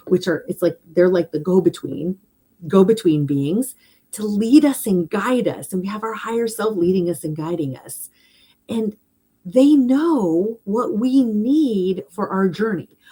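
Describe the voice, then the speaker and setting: A middle-aged woman hosting a casual spiritual talk, animated and mimicking chatter in higher mocking tones. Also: slightly rough. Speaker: spiritual podcast host.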